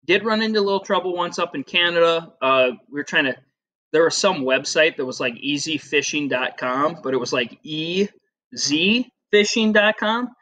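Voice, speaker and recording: Chatty, bright-voiced American teacher. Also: male voice, on the high side, a little fast. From United States. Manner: chatty, rambling, with filler words and personal anecdotes. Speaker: geography teacher. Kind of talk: casual classroom video lesson.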